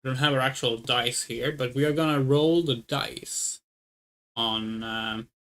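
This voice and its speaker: With an extremely low-pitched, slightly slow voice, a woman streams a game and chats informally with viewers. She rambles, thinks out loud while making choices, and refers to herself as "we."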